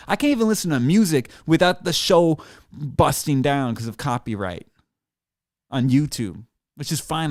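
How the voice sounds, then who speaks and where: A man's voice: fairly high pitch, no echo. A man ranting at the listeners in a solo podcast, sarcastic and profane, talking into a desk mic in a small studio. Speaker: podcast host. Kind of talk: ranting monologue. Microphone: desk mic in front of a computer.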